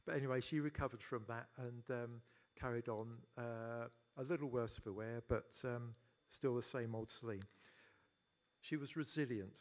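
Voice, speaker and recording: A man speaks at a funeral, delivering a eulogy for his sister. He tells family stories in a halting way, full of fillers and false starts. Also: medium pitch. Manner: halting and anecdotal, many fillers and restarts. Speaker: eulogy speaker, brother of the deceased.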